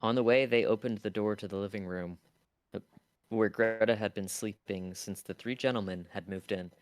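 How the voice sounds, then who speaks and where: A man's voice: fairly low pitch, steady tone, normal speed, no room sound. A man streaming live, reading a novel aloud in a casual way, stumbling over words now and then.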